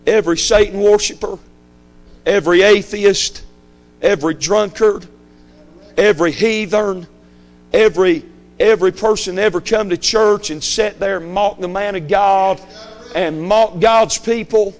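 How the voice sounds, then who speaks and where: A man's voice: high voice, unhurried. A man preaching a fiery sermon, emphatic and repetitive, hammering his points home. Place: church sanctuary.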